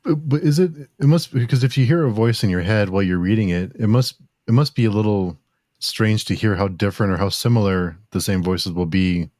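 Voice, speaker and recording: Lower-voiced man asking questions, dry sound. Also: fairly quick, a little mellow, no echo. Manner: curious, probing questions. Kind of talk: casual podcast chat.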